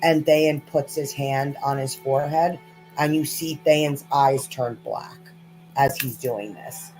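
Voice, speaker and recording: Woman, game master, slow, halting, filler words, faint music underneath. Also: extremely low pitch, fairly even intonation, darkish tone, low-quality recording. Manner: casual, halting, many fillers. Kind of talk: narrating a tabletop game.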